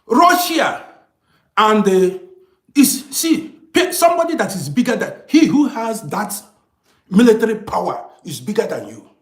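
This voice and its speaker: A man's voice: high voice, very animated, measured pace, echoey room. A man lecturing his live viewers in a heated, emphatic, repetitive way. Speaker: live streamer reading comments.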